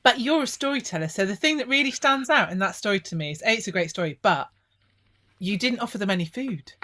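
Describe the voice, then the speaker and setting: A woman's voice: medium pitch, expressive, fast, sharp tone. Woman host, chatty, teasing, laughs a lot, casual talk. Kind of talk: casual conversation.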